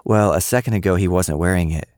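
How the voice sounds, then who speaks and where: A man's voice: low-pitched, quick pace, darkish tone, no room sound, clean studio sound, close to an everyday voice. A man voicing an earnest, insistent young schoolgirl in an audiobook. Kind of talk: audiobook character voice.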